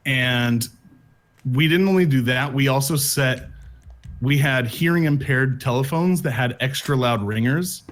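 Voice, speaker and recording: A man's voice: mid-range voice, unhurried. A man telling a long story in casual chat, rambling with many restarts. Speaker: streamer telling stories. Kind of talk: casual chat while gaming.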